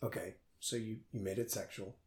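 A man's voice: on the low side, steady tone, brisk, a little mellow. A man interviewing a guest in a casual chat, asking dry, probing questions. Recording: roomy echo.

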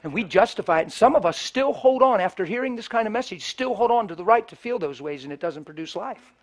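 A male preacher telling a story in a sermon, swinging between loud preaching and hushed, near-whispered storytelling, and acting out the people he quotes. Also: sits high, animated, quick pace. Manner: acts out the people in his stories in quoted voices.

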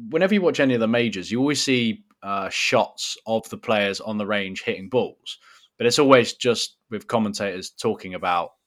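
A man's voice: fairly low pitch, normal speed. A man co-hosting a casual podcast over a remote call, making dry, wry remarks. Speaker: podcast co-host. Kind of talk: casual chat. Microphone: remote call mic.

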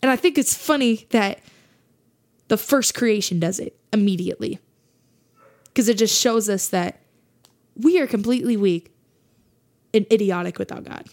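A woman's voice: mid-range voice, moderate pace, pauses often, darkish tone. A woman hosting a faith podcast, talking earnestly in a monologue and repeating her points for emphasis. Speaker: podcast host.

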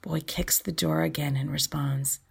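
A woman host reading her own short story aloud, softly and often in a near whisper, with a breathy voice. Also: low-pitched, level tone, measured pace. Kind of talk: storybook narration.

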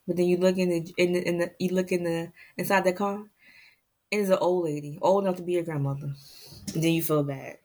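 A woman hosting her own podcast, venting to listeners in a casual, animated way and laughing often. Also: medium pitch, moderate pace. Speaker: podcast host.

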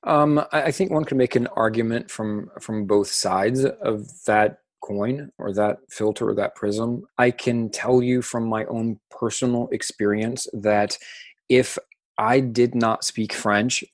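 A man from Louisiana giving thoughtful interview answers, often pausing and restarting his sentences. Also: mid-range voice, fairly even intonation, no room sound. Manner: thoughtful, with frequent restarts and ums. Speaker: interview guest, French-language advocate.

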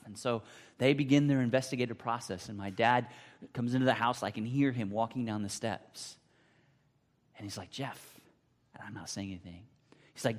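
In an echoing hall with long reverb, a pastor with a mid-range voice preaches a sermon. He tells it as dramatic storytelling, swinging between loud and hushed.

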